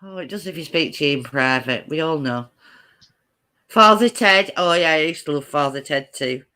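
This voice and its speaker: A woman's voice: low-pitched, animated, bright, forceful tone, clear, resonant tone. A woman chatting casually as co-host, giggly and teasing. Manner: giggly, teasing, drawn-out swearing. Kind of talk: casual chat.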